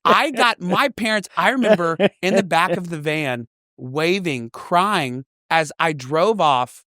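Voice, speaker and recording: A man's voice: fairly high pitch, measured pace, dry recording, clean studio sound. A man guesting on a podcast, telling a story in casual chat and acting out the voices of the people he quotes. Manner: animated storyteller who acts out quoted voices.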